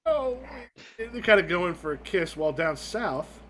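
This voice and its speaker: Brief: male game master, improvised, rambling with fillers, bright and raised-pitch voice. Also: animated, moderate pace.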